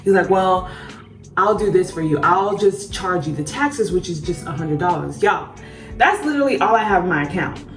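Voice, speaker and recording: Young woman beauty vlogger, casual storytime, swears and says y'all; slightly low voice, roomy echo and faint music underneath. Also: normal speed, recorded from a distance. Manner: animated, swears freely, addresses viewers as y'all. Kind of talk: casual storytime while doing makeup.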